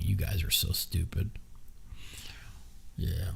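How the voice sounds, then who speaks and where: A man's voice: on the low side, a little slow. A man hosting his own podcast, giving blunt, profane, rambling opinions in a casual chat. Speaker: podcast host. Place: streaming with a live chat.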